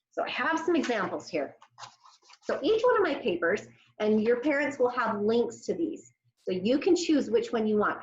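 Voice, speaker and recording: A woman teaching a remote lesson to young children, her voice pitched a little high and swooping up and down with eager expression. She sounds cheerful and slows into a sing-song on recited lines. The audio is roomy and a little dull, like a home video recording. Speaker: elementary school teacher.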